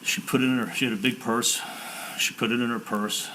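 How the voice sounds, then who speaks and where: Bright-voiced man testifying in court. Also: mid-range voice, flat delivery, a little hiss or hum, poor audio. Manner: halting, repeats words and restarts, retells quotes with "I'm like". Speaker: defendant testifying.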